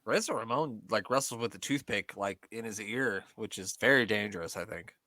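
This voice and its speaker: A man's voice: fairly low pitch, moderate pace, sharp tone, no room sound. A man co-hosting a casual podcast chat while watching wrestling, joking, laughing a lot and swearing freely. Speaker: podcast co-host.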